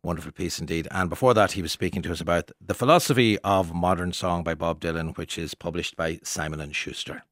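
A man hosting a radio arts show, presenting in a relaxed, conversational way. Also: sits low, a little fast, few pauses. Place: radio studio.

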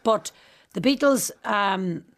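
A woman with a Northern Irish accent from Derry chats casually as a guest, laughing as she tells stories packed with local slang. Her mid-range voice is expressive and her pace slow.

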